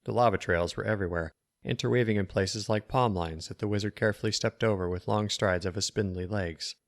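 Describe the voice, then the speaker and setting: Deep-voiced male storyteller. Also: fairly even intonation, a little fast. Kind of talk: scripted narration of an original story. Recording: home mic.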